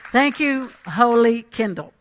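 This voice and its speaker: A woman's voice: fairly high pitch, animated, takes it slowly, a faint crowd, slight background noise. A woman preaching a Pentecostal sermon, emphatic and conversational, often checking in with the congregation.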